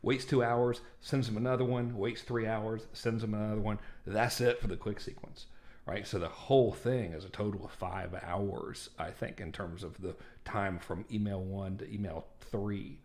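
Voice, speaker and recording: A man's voice: fairly low pitch, fairly even intonation, moderate pace, darkish tone. Chatty male marketing instructor. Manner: chatty, self-deprecating, lots of "right?" and "like". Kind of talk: casual screen-share walkthrough.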